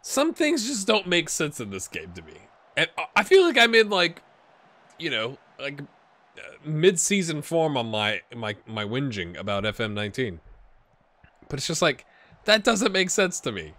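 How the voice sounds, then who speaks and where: Animated man rambling over a game. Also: a little high, a little slow, no echo. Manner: rambling, self-questioning, bursts of excitement. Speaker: gaming YouTuber. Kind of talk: casual game commentary.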